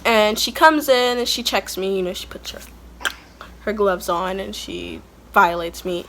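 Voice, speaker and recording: A woman's voice: mid-range voice, unhurried, creaky, a bit bright, slight background noise. A young woman casually telling a story about her labor in a chatty, rambling way, sometimes breaking off to talk to her toddler. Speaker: vlogger telling a birth story.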